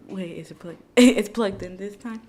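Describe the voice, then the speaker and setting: A woman's voice: mid-range voice, normal speed, darkish tone. A woman co-hosting an eating show in casual chat, teasing her friend and laughing often. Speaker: mukbang co-host.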